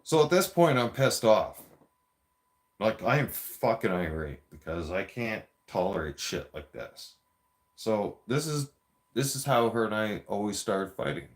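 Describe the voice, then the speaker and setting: Profane, rambling man with a low voice. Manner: profane, rambling, heated, with frequent restarts. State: a few beers in. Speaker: vlogger. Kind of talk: casual storytelling rant.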